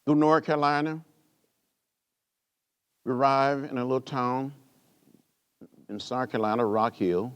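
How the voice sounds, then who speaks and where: A man's voice: fairly even intonation, unhurried, long pauses, clean tone. A man, giving an award speech that moves from story to stirring oratory with repeated, rising phrases. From rural Alabama. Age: 70s. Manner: preacher-like cadence with rising repeated phrases and big pitch swings. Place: indoor gala event.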